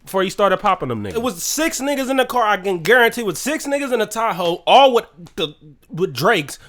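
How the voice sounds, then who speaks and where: A man's voice: sits high, very animated, brisk, fairly bright tone. A man hosting his own podcast, ranting solo in a profane, incredulous commentary. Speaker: podcast host.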